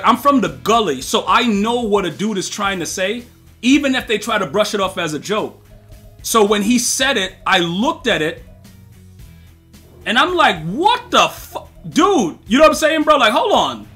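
A man streaming a football video game, talking casually and slangily to his chat, repeating himself and asking if they follow him. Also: high voice. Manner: slangy, repetitive, addresses chat directly; heated and animated, bursts to near-shouting. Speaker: gaming streamer.

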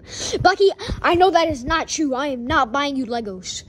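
A woman's voice: high-pitched, lively intonation, normal speed, hardly any pauses. A woman improvising a plushie skit, voicing every character and switching voices, often scolding.

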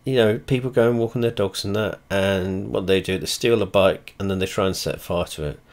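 Playing a flight sim, this video creator talks in a low voice at a slightly fast pace. His running commentary is blunt, chatty and profanity-heavy, wandering around and frequently breaking off mid-thought to begin again.

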